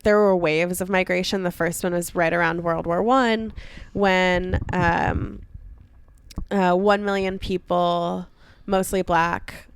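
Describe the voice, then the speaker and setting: A woman's voice: on the low side, steady tone, slow, a little hiss or hum. A young adult woman co-hosting a podcast, telling a history story in casual chat full of filler words. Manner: chatty, many "like" fillers, retells history conversationally. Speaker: podcast co-host.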